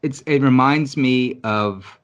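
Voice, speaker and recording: The recording is muffled as a medium-pitched man from New York City takes it slowly while co-hosting a podcast. He chats casually but bluntly and emphatically, with lots of swearing and restarts.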